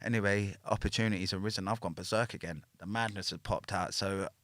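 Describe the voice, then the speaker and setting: A man's voice: lowish voice, fairly even intonation, brisk, a bit bright. A man, a podcast guest telling a story in casual talk, packed with slang and tags like "yeah?" and "innit". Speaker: podcast guest, former prisoner.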